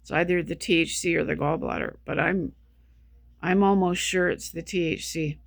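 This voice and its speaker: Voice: medium pitch, fairly even intonation, normal speed, vocal fry, dry recording, clean studio sound. A vlogger talking in a casual monologue, exhausted, sleep-deprived and feeling sick, rambling and repeating themselves with many restarts. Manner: rambling, repetitive, restarting sentences.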